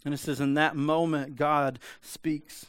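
A man's voice: fairly high pitch, flat delivery, unhurried, clear, resonant tone, dry recording. Conversational male pastor preaching. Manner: conversational preaching, asks the congregation for amens. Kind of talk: sermon.

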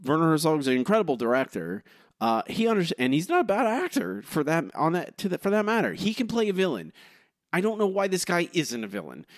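A man co-hosting a podcast, talking in animated bursts with many halting restarts. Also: on the high side, dry recording, clean studio sound. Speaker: podcast co-host. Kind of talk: casual podcast discussion.

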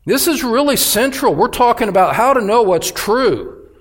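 A man's voice: extremely high pitch, animated, moderate pace. A man preaching a sermon as pastor, earnest and urgent, pressing each point with emphasis.

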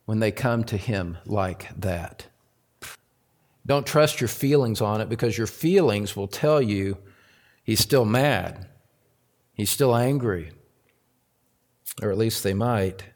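Slow, impassioned male preacher. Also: medium pitch. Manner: impassioned preaching, rising to loud emphatic peaks; repeats phrases for emphasis. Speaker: pastor. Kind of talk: sermon.

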